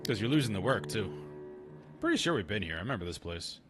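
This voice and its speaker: A man's voice: fairly low pitch, sing-song, fast talker, music in the background. A man casually chatting and muttering to himself while streaming a game. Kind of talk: casual gameplay commentary.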